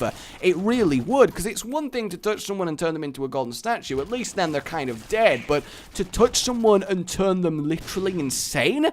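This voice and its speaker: A man's voice: fairly high pitch, a bit bright. A young English man hosting a gaming video, telling a rambling, jokey story while he plays. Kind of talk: let's play commentary.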